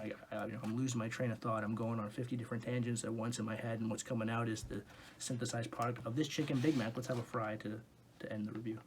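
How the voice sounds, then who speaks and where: A young man reviewing fast food in a rambling, comic monologue, going off on tangents and swearing in rants, recorded in a dim room. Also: medium pitch, a little hiss or hum.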